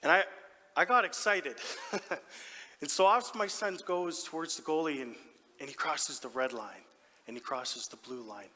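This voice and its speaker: A man's voice: a little high, moderate pace. A man playing a proud, doting hockey dad on stage. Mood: storytelling. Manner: animated, heartfelt storytelling with sudden soft drops. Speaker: actor in a stage monologue. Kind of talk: theatrical stage monologue. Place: large theatre stage. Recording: long theatre hall reverb.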